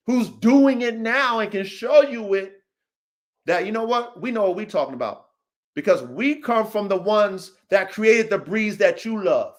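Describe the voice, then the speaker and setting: Fiery high-voiced man ranting on a livestream. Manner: fiery, repetitive, swears a lot, keeps saying "O G". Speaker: dog breeder and podcast host. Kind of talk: heated livestream rant. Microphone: livestream mic.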